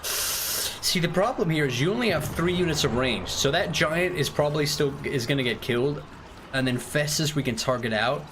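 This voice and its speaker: A man's voice: a little high, normal speed, noisy background. Joking British man streaming a strategy game. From United Kingdom. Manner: joking, rambling banter with chat while giving tactics. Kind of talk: casual live-stream commentary.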